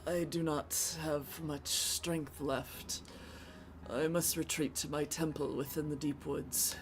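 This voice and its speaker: A woman putting on a grave, gravelly old dragon. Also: deep voice, flat delivery, noisy background, voice pushed down. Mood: weary. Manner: slow, grave, formal reading of dialogue. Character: weary ancient male dragon spirit, solemn.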